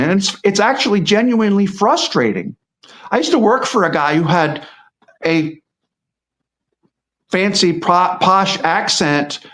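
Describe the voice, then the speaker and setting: A man's voice: high voice, a bit bright. A middle-aged man talking casually as a guest, rambling, with lots of restarts and repeated words. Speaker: guest commentator. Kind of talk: casual conversational commentary.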